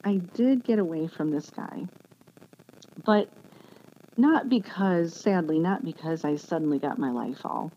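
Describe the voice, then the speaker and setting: A woman giving an earnest, emotional personal testimony as an interview guest, speaking haltingly with many restarts. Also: deep voice, expressive, warm tone. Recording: dull lo-fi sound with faint background noise.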